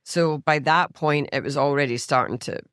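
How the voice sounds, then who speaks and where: A woman's voice: deep voice, moderate pace, clean tone, dry recording. Glaswegian woman in her fifties, blunt storytelling podcast guest, dry close mic. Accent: Glaswegian Scottish. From Scotland. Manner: blunt, swears freely, animated storyteller. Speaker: guest, stylist. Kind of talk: casual podcast chat.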